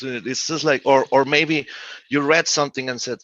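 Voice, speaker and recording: Bright-voiced man on dull video call. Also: mid-range voice, fairly even intonation, moderate pace, no room sound. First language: Spanish. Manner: searching for words, informal. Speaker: co-host. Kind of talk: live-streamed interview.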